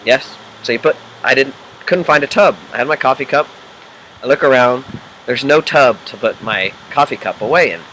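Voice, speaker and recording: Over a little hiss or hum, this low-quality recording captures a Midwestern man, an executive life coach, talking at normal speed in a pushed, bright mid-range voice. Coaching the viewer in a casual unedited video, he keeps checking in and performs the voices and inner chatter of his examples.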